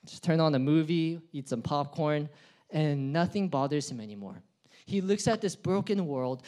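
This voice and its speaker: A young adult man preaching a sermon, swinging between loud, emphatic build-ups and quiet, low asides. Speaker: pastor.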